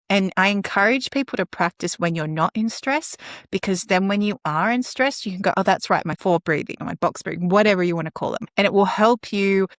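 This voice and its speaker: An earnest woman speaks at a middle pitch, explaining calming techniques in a practical, conversational way. She now and then acts out slow breaths in and out. The sound is close and dry, with no room around it. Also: dry recording. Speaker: guest speaker on caregiving. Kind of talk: conversational advice.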